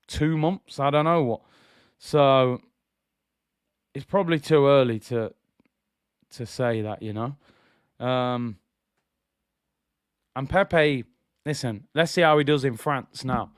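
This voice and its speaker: A man's voice: mid-range voice, smooth, dry recording, studio quality. A man hosting a live football watch-along stream, giving opinionated chat and reading viewers' messages aloud.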